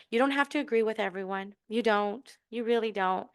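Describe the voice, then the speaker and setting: With a smooth, medium-pitched voice at a moderate pace, the middle-aged host chats through a casual story on her podcast. She laughs often, restarts and uses fillers constantly, and warmly encourages her audience.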